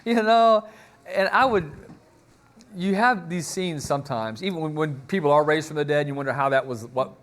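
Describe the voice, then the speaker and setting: Male preacher, casual storytelling sermon, voice a touch high. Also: normal speed. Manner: conversational storytelling, acts out quotes.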